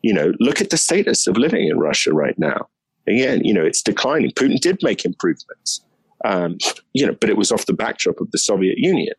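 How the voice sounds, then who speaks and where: This guest commentator, a British man, argues his opinions emphatically and thinks out loud during a conversational talk about politics. His husky, fairly low voice has a sing-song lilt and a brisk pace, captured with no room sound on a low-quality recording.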